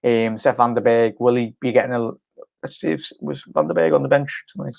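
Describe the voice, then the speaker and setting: A man's voice: mid-range voice, fairly quick, creaky. A man from Liverpool rambles through a casual live reaction stream. His talk is loose and filler-heavy, and he keeps breaking off to answer viewers' comments by name. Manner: rambling, chatty, many fillers and restarts, reads viewer comments aloud. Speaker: fan channel host.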